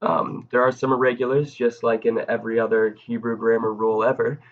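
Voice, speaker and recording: A man's voice: medium pitch, flat delivery, a little fast, highs cut off. Casual man teaching Hebrew grammar. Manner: casual, many ums and self-corrections. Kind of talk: recorded video lesson.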